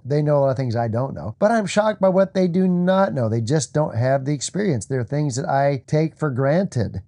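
A middle-aged man giving a short devotional Bible talk as its host, earnest and measured in manner. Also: on the high side, dark tone. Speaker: radio Bible teacher.

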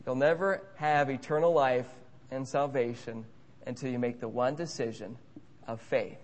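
A man's voice: medium pitch, fairly even intonation, moderate pace. Man, preacher, earnest, repeats key phrases, sermon.

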